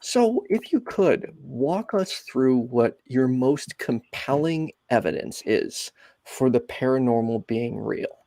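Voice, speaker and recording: A man hosts a call-in show with a gravelly edge to his mid-range voice. He is friendly and sometimes loses his train of thought as he takes a caller. The sound is dry and close. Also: medium pitch, animated, slow, mellow, no echo. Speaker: co-host.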